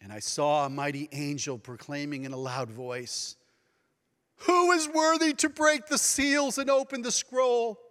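High, bright-voiced preacher in a reverberant church. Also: male voice. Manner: dramatic preaching, acting out quoted voices. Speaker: pastor. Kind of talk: sermon. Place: church sanctuary.

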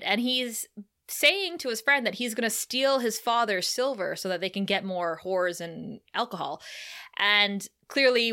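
Woman, podcast co-host, bright tone, lively retelling, laughs a lot. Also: medium pitch. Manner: laughs often, animated retelling. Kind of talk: casual recap chat.

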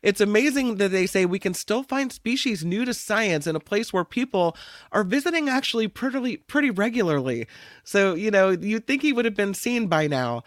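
A man's voice: high-pitched, animated, normal speed, no room sound, studio quality. A man co-hosting a casual news show, reading stories aloud with playful asides. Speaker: co-host.

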